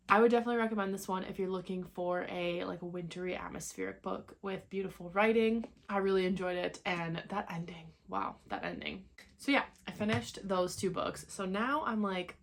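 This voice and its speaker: A woman's voice: on the low side, gravelly. A young woman chatting casually in a reading vlog at home, talking in a loose, chatty way with lots of filler words. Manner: chatty, many "like" fillers, laughs easily. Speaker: book vlogger.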